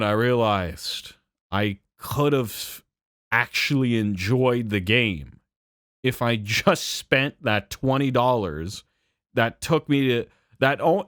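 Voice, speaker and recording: Young man ranting, rambling and animated. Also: medium pitch, clean tone, no room sound, clean studio sound. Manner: rambling, animated, casual swearing; frequent fillers and self-corrections. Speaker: channel host. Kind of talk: casual storytelling rant.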